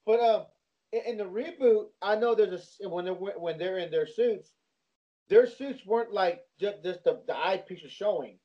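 A man in a casual chat with friends, stumbling over his words and swearing. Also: sits high. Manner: halting, restarts and swears. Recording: dull lo-fi audio.

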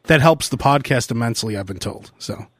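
A man's voice: mid-range voice, lively intonation, brisk, no room sound, clean studio sound. A man hosting a podcast, chatting loosely and laughing often. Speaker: podcast host. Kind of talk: casual chat.

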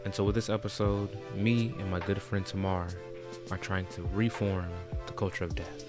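A man from the United States hosting a casual podcast, animated and joking, often loud and expressive. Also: deep voice, normal speed, music in the background. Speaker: podcast host. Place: indoor podcast setup.

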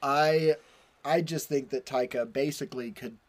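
A man's voice: medium pitch, normal speed. A man co-hosting a podcast in casual chat, talking loosely with lots of fillers and jokes. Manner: loose, filler-heavy, jokey. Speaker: podcast co-host.

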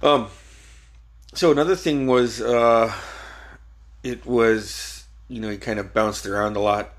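Chatting casually on his podcast, a man tells old stories in a laid-back way, full of cursing and laughter. His medium-pitched voice stays fairly even and unhurried.

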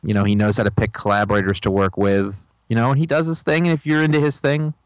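A man's voice: lowish voice, flat delivery, dry recording. Dry-sounding man joking on a podcast. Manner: jokey, rapid asides. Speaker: podcast co-host. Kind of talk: casual chat.

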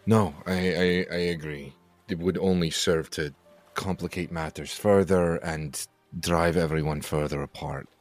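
Deep earnest man player. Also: steady tone. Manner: measured, earnest, reasoning. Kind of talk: tabletop role-play, in character.

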